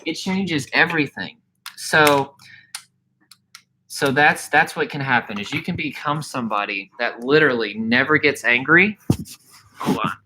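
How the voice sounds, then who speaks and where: Guy coaching his course members from home, earnest, keeps saying "okay?", restarts a lot, normal mid pitch. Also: a little slow, long pauses, background noise. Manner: earnest, repeats words and restarts, checks in with "okay?". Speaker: anxiety recovery coach. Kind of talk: unscripted teaching talk to course members. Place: home, mowing heard outside.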